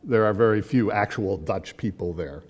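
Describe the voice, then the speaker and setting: A man's voice: lowish voice, moderate pace, darkish tone. A man teaching an adult education class in a casual lecture style, chatty, with frequent fillers and restarts.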